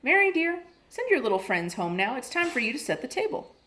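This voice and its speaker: A woman's voice: high-pitched, very animated, a little fast, a bit bright, slight background noise, voice pushed up. A woman voicing a polite, firm mother in a storybook reading. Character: proper, slightly worried mother.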